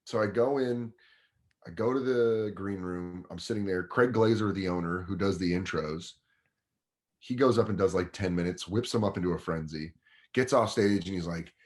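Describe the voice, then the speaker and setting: A man's voice: deep voice, moderate pace. A man, a guest comedian in his thirties, telling a casual, profane story and acting out other people's voices.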